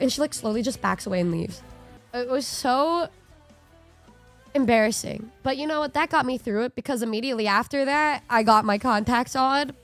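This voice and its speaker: A young woman streamer telling a funny story to her chat in a casual way, lively, swearing and acting out what people said. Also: fairly high pitch, fairly quick, soft background music. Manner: animated, swears, acts out quotes.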